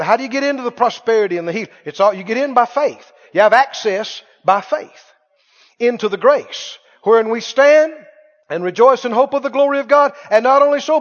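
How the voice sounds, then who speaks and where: Male pastor, very high voice, preaches hard and repeats himself; muffled sound, big reverberant sanctuary. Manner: emphatic, repeating phrases, shouting at peaks. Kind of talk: sermon. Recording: dull lo-fi sound with long hall reverb.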